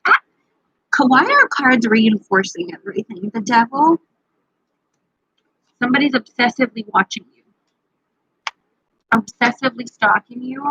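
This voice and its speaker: A woman's voice: a little high, very animated, moderate pace, long pauses, pushed and bright, husky, no echo, muffled recording. A woman giving a live tarot reading, chatting playfully and addressing viewers by name. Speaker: tarot reader.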